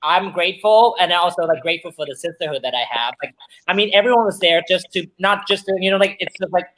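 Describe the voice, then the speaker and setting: A drag performer in casual chat, telling a pageant story and acting out other people's words loudly. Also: female voice, fairly low pitch, fast, poor audio. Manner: animated storyteller, acts out quotes loudly. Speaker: drag pageant queen guest.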